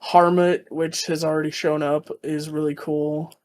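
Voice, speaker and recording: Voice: medium pitch, measured pace, a little hiss or hum. A podcast host chatting casually about anime, telling scenes with lots of laughter and acted-out lines. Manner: animated storyteller, laughs often, acts out scenes.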